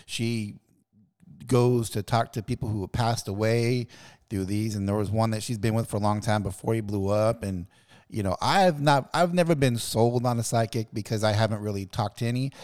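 A man's voice: on the low side, darkish tone, in a large hall. A man hosting a casual interview, curious, asking and repeating his questions. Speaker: podcast host.

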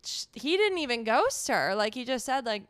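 A young woman in her twenties co-hosts a chatty podcast. Her voice is bright, smooth and clear on a dry, close mic, with plenty of "like", laughter and swearing. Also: on the high side, very animated, normal speed, dry recording. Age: 20s. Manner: profane, laughing, filler-heavy. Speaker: podcast co-host. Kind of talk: casual chat.

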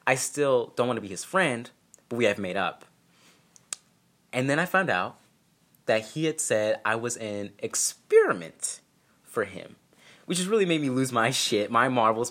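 A man's voice: medium pitch, big pitch swings, a little slow, pushed and bright. A young man casually telling a personal story, candid and profane with self-mocking humor.

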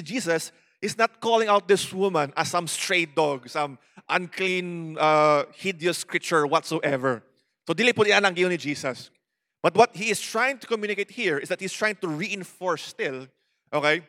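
A man's voice: on the high side, a bit bright, long reverb tail. A man with a Cebuano Filipino accent preaching a sermon in a conversational way, often checking in with the listeners. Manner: code-switching, conversational, asks the congregation questions.

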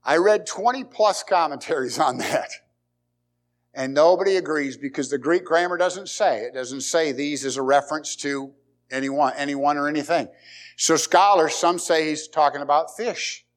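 A man's voice: a little high, moderate pace. A man preaching a sermon as pastor, emphatic, repeating key words and asking the congregation rhetorical questions.

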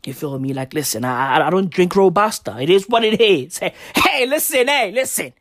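A woman's voice: lowish voice, animated, moderate pace, no room sound, clean studio sound. A woman doing a brash, profane comic rant and mocking other people's voices. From South Africa. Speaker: comedian.

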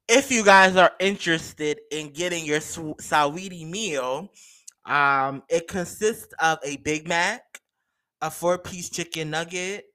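A man talking solo on his podcast, chatty and gossipy, full of slang and fillers. His voice is bright and crisp, a bit high for a man. He takes his time and lets his pitch swing widely. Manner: animated and gossipy, with slangy asides and many fillers. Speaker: podcast host. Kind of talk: casual solo podcast chat.

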